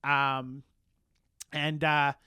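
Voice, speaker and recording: A man with a bright, forceful voice talks through a TV episode in casual podcast chat. He bounces along with fillers and playful quoted voices. The sound is dry and close to the mic. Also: on the high side, flat delivery, drawn-out words, clear, resonant tone, no room sound. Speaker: podcast co-host.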